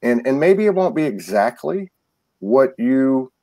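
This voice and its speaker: A man's voice: mid-range voice, very animated, a little slow, warm tone, no echo. A man speaking as a guest in a casual spiritual conversation, telling stories earnestly with many restarts and repeated words. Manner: earnest storytelling.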